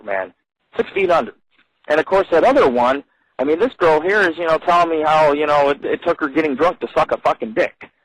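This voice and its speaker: Husky-voiced man telling a profane ramble. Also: on the high side, no room sound, poor audio. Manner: profane, swears constantly, rambling. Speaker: radio show host. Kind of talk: crude rambling storytelling on live radio.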